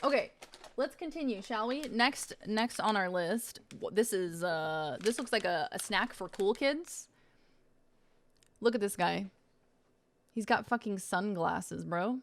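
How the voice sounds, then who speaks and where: A woman's voice: mid-range voice, unhurried. Playful, swearing woman streamer. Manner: playful, swears casually, laughs often. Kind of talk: casual live-stream chat.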